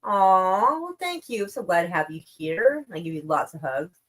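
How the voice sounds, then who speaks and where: A woman on a casual live stream reads news stories aloud, reacting with sarcastic profanity and lots of laughing while rolling and smoking cigarettes. Her lowish, slightly bright voice swings widely in pitch, at a normal speed.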